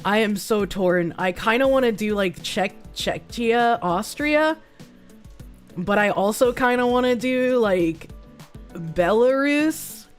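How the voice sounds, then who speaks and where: Brief: young adult woman streamer, fairly high voice, blunt and sweary, faint music underneath. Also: expressive, slow pace. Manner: blunt, swears freely, laughs often, thinks aloud. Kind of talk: casual live-stream commentary while playing a guessing game.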